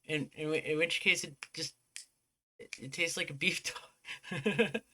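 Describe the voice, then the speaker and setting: Bright-voiced streamer, put-on American accent. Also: male voice, on the high side, measured pace, slight background noise. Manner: talks quietly, rambling and joking. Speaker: game streamer. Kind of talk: casual live-stream chat.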